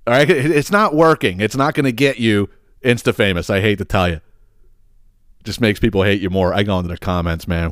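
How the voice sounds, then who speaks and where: A man's voice: fairly low pitch, fairly quick, clear, resonant tone, no room sound, clean studio sound. A man hosting a podcast, ranting profanely in a casual style and often stumbling over repeated words. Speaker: podcast host.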